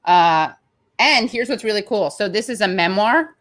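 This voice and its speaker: A woman's voice: medium pitch, animated, normal speed, fairly bright tone. An American woman in her thirties hosting a casual livestream, rambling chattily and reading viewer comments aloud. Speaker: show host.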